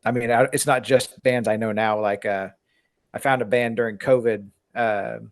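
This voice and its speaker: Easygoing man at mid pitch. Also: fairly even intonation, normal speed. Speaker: podcast guest. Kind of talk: casual chat.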